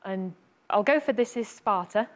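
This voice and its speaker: A woman's voice: mid-range voice, moderate pace. Hesitant, giggly woman contestant. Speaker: quiz show contestant. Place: television studio.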